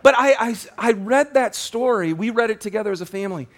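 A man preaching a sermon as pastor, telling a story with animated energy, often restarting and repeating words. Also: high voice, fairly quick.

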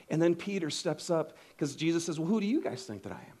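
Man, high-pitched, preaching, lively storytelling, acts out quotes. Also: fast talker, few pauses. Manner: animated storytelling, acts out quotes, casual asides. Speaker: pastor. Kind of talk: sermon.

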